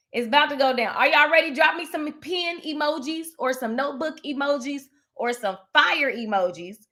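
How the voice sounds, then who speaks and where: High voiced woman, sassy motivational livestream talk, preachy repeats. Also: bright, forceful tone. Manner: sassy, preachy, emphatic repetition. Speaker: livestream host.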